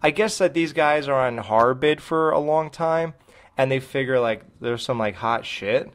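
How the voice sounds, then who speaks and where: A man in casual podcast chat, ranting and sarcastic with plenty of swearing. His voice sits at an ordinary middle pitch. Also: unhurried, a bit bright. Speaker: podcast co-host.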